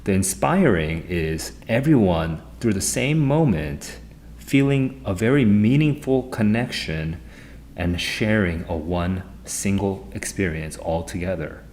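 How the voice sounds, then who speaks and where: A man streaming live as an SAT tutor, thinking aloud in an excitable, rambling way as he walks through test questions at his computer. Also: low voice, a little slow, slight background noise.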